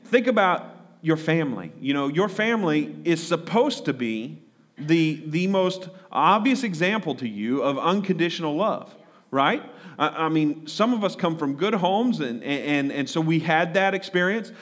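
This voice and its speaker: A man's voice: a little high, animated, normal speed, fairly bright tone. A man preaching a conversational sermon, often repeating words and asking the congregation questions. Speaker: pastor.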